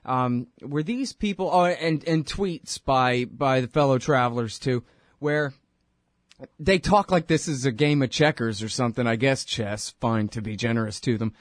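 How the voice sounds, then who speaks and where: Male radio host, mid-pitched, ranting with sarcasm, dry close sound. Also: normal speed, dry recording. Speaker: radio talk show host. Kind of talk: talk radio interview.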